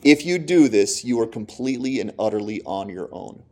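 A man voicing a taunting male devil who accuses a believer in a low, hushed tone. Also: animated, brisk.

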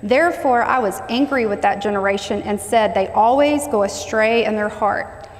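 Speaking at a moderate pace with a medium pitch, a woman delivers a sermon built on repeated key phrases, which she emphasizes and asks the congregation to echo back. The sound carries a long hall reverb.

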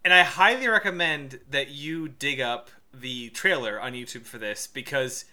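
A man's voice: mid-range voice, moderate pace, pushed and bright. A man co-hosting a podcast in casual chat, joking and swearing freely. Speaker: podcast co-host.

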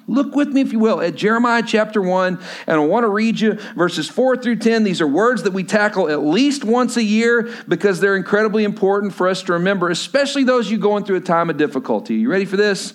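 A man's voice: high voice, animated, brisk. A man preaching a sermon to his congregation, talking conversationally and asking them questions. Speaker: pastor.

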